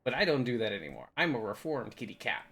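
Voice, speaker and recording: A man's voice: mid-range voice, big pitch swings, fast, a bit bright, breathy edge. A young man giving a rambling, goofy tour of a game map, joking and putting on silly voices now and then. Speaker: game video host.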